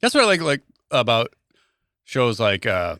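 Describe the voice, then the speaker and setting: A man's voice: medium pitch, wildly swooping pitch, bright, forceful tone, no room sound, studio quality. A man co-hosting a comedy podcast, telling stories in casual chat and acting out the people he quotes. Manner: fast storytelling, acts out quoted voices. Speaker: podcast co-host.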